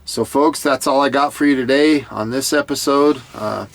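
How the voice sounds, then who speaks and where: Man, casual commentator, mid-pitched, earnest and heartfelt, stumbles over repeated words. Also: moderate pace, gravelly. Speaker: TV show commentator.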